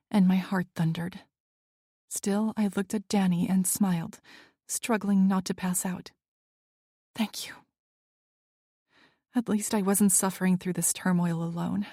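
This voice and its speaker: A woman reads a first-person romance audiobook, telling it earnestly with an anxious edge. Her voice sits at a middle pitch, and the sound is dry and close, with no room echo. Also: warm tone. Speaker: audiobook narrator.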